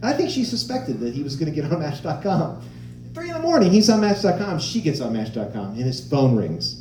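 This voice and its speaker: A man in his forties does stand-up in a roomy live venue, his voice sitting a little high and swinging widely in pitch as he tells his stories. The tone stays mellow and dark even when he gets animated. He jumps into the voices of the people in his stories, then drops back to the set. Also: a little fast, soft background music. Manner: animated storytelling, acting out quoted voices. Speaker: stand-up comedian. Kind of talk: stand-up comedy.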